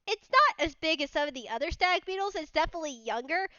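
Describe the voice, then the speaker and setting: High-voiced woman narrating a tabletop game. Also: lively intonation, quick pace, pushed and bright, no echo. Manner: rambling, full of restarts and "like". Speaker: game master. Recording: dull lo-fi sound, dry.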